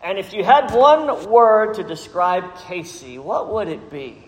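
A man preaching a sermon as pastor, telling a story with measured, dramatic emphasis. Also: sits high, sing-song. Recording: echoey hall with long reverb.

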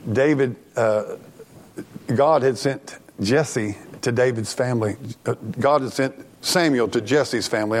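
A middle-aged man preaching a sermon as pastor, earnest and plainspoken, often restarting his sentences. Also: mid-range voice.

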